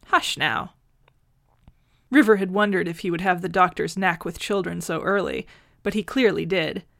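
A woman reading fan fiction aloud in a gentle, measured narrating voice. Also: lowish voice, steady tone, creaky. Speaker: audiobook reader.

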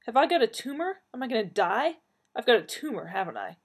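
Brief: a frantic, hot-tempered young woman, pitched high and all over the place, read by a husky-voiced female narrator. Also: sing-song, moderate pace, exaggerated voice. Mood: agitated. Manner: exasperated, pitched up and emphatic. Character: agitated confused adult woman, quick-tempered.

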